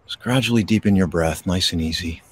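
A man hosting a podcast, guiding a slow, soothing breathing meditation outdoors. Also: sits low, husky. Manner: slow, soothing, calm delivery with pauses. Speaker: podcast host and meditation guide. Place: outdoors in a park. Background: birds.

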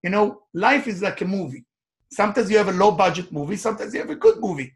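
High-voiced man giving emphatic motivational talk. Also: fast. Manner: emphatic, animated storytelling in non-native English grammar. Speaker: life coach. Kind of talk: motivational talk with personal stories.

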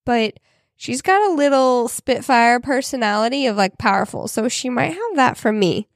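A woman's voice: fairly high pitch, lively intonation, normal speed, no room sound, clean studio sound. A woman co-hosting a podcast, talking in casual chat with many fillers. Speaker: podcast co-host.

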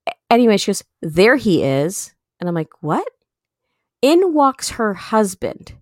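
A woman co-hosting a comedy podcast, telling a story in a casual, animated way and often jumping into high, excited bursts. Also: unhurried, no room sound, studio quality. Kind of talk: casual chat, telling stories.

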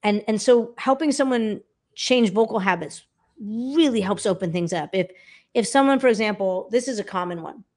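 A woman vocal coach, a guest in a casual interview, explaining with animated talk and quick sung examples. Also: mid-range voice. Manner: animated, demonstrates by singing snippets.

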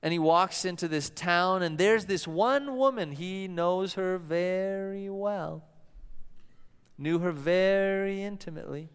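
High-voiced preacher in a reverberant hall. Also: male voice, slow pace, clear, resonant tone. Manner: storytelling preacher who acts out quoted voices. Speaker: pastor. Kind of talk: sermon.

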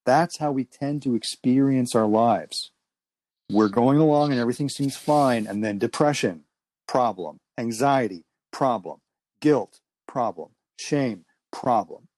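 A podcast host speaks at a medium pitch in a reflective conversation. He explains ideas calmly and in a measured way, adding slow emphasis.

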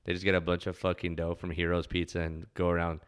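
A man's voice: low-pitched, completely flat delivery, fast talker, clear, resonant tone. A young man telling laid-back, profane stories from his hometown. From West Texas. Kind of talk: casual storytelling monologue.

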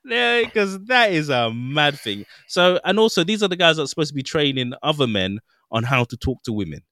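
A man's voice: fairly high pitch, sing-song, fairly quick, sharp tone, no echo, clean studio sound. A man, co-hosting a podcast and telling a story in casual chat with lots of fillers. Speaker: podcast co-host.

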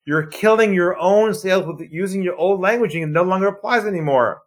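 A man being interviewed on a podcast as a sales trainer, telling stories and acting out phone calls, dropping his voice low for effect. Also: a little fast. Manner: animated storyteller, acts out phone calls, drops voice low for effect.

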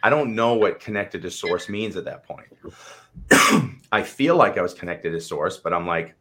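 Middle-aged guy, lowish voice, earnest coach talking it out, swears a bit, acts out his own thoughts. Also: big pitch swings, moderate pace, sharp tone. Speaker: coach and co-host. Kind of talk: candid live-stream conversation.

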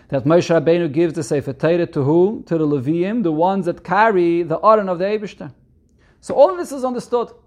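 A man with a Yeshivish accent and a fairly high voice gives a Torah lesson. He reads each Hebrew phrase, then explains it in English, repeating the main points. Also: a little mellow. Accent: Yeshivish English with Hebrew and Yiddish terms. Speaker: Torah teacher. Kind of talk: reading Hebrew text and translating it into English.

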